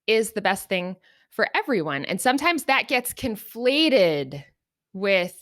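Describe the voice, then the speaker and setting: A middle-aged woman co-hosting a podcast, talking earnestly and reflectively, lively when she acts out everyday examples. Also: medium pitch. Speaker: podcast co-host. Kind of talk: reflective conversational podcast talk.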